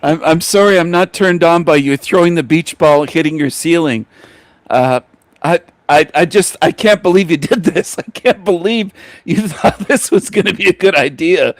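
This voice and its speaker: A male reviewer mocks a video he is watching in a crude, incredulous tone, laughter breaking through his words again and again. His voice sits somewhat high for a man. The recording is dry and close, with no room sound. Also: moderate pace, dry recording. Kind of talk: mocking reaction commentary.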